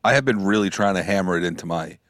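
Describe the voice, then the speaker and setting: A man co-hosting a casual chat show, chatty and explaining things in quick bursts. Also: low-pitched, lively intonation, a bit bright, dry recording, studio quality. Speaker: podcast co-host.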